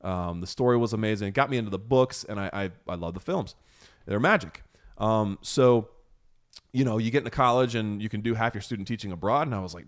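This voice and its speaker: A man's voice: lowish voice, a little fast. Enthusiastic American man telling a story. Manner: enthusiastic, rambling, lots of fillers and restarts. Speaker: podcast host. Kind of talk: casual storytelling chat.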